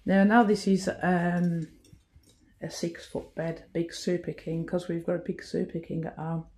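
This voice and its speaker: Filming on her phone, a woman narrates a casual house tour in a warm, low-side voice with flat delivery. She chats away slowly and admires every room, often out of breath and filling pauses with ums.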